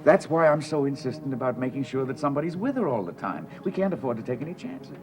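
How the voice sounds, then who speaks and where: An actor playing a worried, insistent doctor who talks earnestly and drops to a hush. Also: male voice, medium pitch, very animated, quick pace, background noise, natural voice. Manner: earnest, dropping to a hushed whisper.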